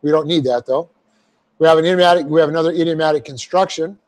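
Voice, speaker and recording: A man with a fairly high, slightly mellow voice talks fast as he leads a verse-by-verse Bible class. He walks through Greek grammar step by step, dropping folksy asides and repeating phrases for emphasis.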